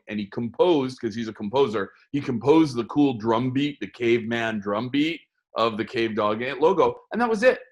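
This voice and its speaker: Animated middle-aged man telling stories. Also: fairly high pitch. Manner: animated storyteller, repeats and restarts words. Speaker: game designer interviewed. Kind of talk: storytelling interview talk.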